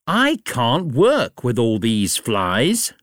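A man voicing a timid, fussy little male tailor in a slow, careful storybook reading for learners. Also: medium pitch, wildly swooping pitch, fairly bright tone, no room sound, studio quality, exaggerated voice. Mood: fretting. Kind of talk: graded reader storybook narration.

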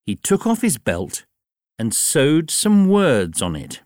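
A man narrates a simple storybook for language learners at a very slow, deliberate pace. His pitch rises and falls dramatically to keep it lively. The recording is dry and close. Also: no echo. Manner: very slow, clear, highly expressive reading. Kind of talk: graded reader storybook narration.

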